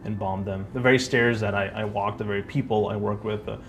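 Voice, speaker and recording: A man's voice: lowish voice, fairly even intonation, a little fast, faint music behind. A man, a physician, speaking with passion in an interview, stressing long lists. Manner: impassioned, emphatic lists. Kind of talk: interview testimony.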